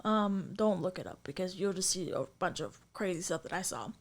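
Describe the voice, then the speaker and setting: A woman's voice: on the low side, lively intonation, a little fast. A young adult woman co-hosting a podcast, telling stories in a loose, rambling way with lots of ums and likes. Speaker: podcast co-host. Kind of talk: casual chat.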